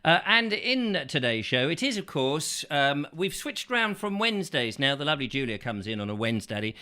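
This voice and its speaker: Lively, playful male chat-show host. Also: fairly high pitch, normal speed, smooth. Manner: rambling and playful, full of "uh" and silly wordplay. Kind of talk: comic casual chat. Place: studio.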